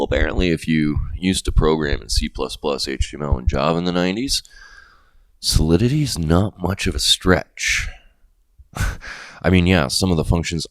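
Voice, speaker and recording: A man's voice: rumbling low, creaky, dry recording. A middle-aged man hosting a crypto video, explaining in a casual, rambling way with jokey asides.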